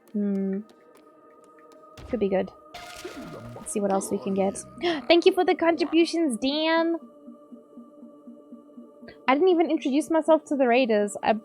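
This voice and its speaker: A young woman talks through her game live, swearing, squealing and gasping as she reads chat. Her voice sits high, and faint music plays underneath. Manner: excitable, swearing, squeals and gasps, chatting with viewers. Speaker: streamer. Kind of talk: casual live gaming commentary.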